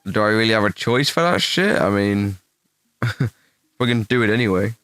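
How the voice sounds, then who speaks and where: A young man with a West Midlands English accent and a slightly low voice answers his viewers on a livestream. He talks in a blunt, profane, rambling way. The sound is dry and close to the mic. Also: expressive, moderate pace, a bit bright, no echo. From England, West Midlands. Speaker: streamer answering chat questions. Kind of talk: casual livestream chat.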